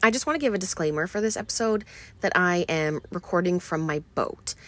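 A woman's voice: fairly low pitch, fairly quick, a bit bright, slight background noise. A woman hosting a podcast who recaps a film in a chatty, casual way, recording on a boat and filling her talk with um and like. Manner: chatty, many fillers like um and like. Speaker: podcast host.

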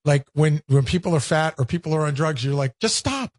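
A man's voice: on the high side, steady tone, brisk, darkish tone. A man on a radio show, stammering and sheepish in casual talk.

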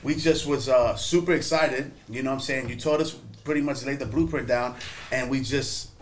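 A man telling lively, profane stories in a casual podcast chat, laughing often as he goes. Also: medium pitch, moderate pace, slight background noise. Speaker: podcast co-host.

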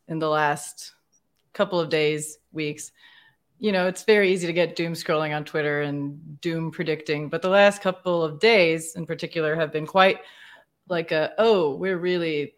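A woman guest on a casual panel chat, telling stories in a chatty, animated way. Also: low-pitched.

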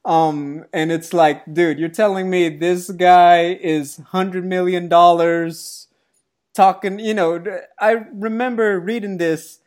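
A woman co-hosting a casual sports podcast, chatting in a playful, joking, animated way. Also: lowish voice, slow pace. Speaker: podcast co-host.

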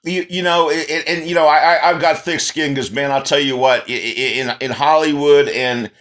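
Halting male talk-show host. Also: fairly high pitch, steady tone, a bit bright. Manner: halting, many restarts and "you know" fillers. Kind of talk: casual interview chat.

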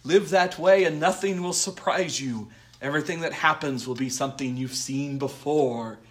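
A man putting on a vague made-up accent to voice a scheming, smooth-talking middle-aged male lord in a podcast recap. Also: on the high side, close to an everyday voice. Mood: rambling. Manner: vague put-on accent, hurried and uneven.

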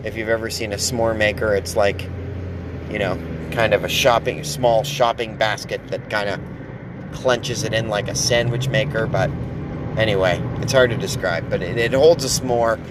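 A man's voice: on the low side, fairly even intonation, normal speed, background noise. A man hosting a podcast who tells a long story in a casual, rambling way, full of fillers and laughs. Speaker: podcast host.

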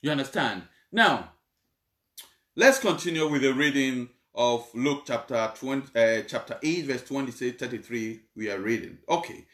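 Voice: medium pitch, lively intonation, normal speed, a bit bright, reverberant. A preacher explaining a Bible passage in a sermon, repeating points and checking in with the congregation.

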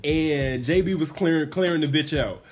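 A young man hosting a podcast in casual chat, telling stories animatedly and acting out quotes in a profane, lively way. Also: moderate pace, over loud music. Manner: acts out quotes with big pitch jumps, profane. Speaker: podcast host.

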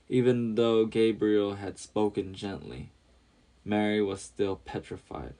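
A man reads a storybook tale aloud in a steady, measured way. His voice sits low and has a gravelly, creaky texture. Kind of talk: scripted storybook narration.

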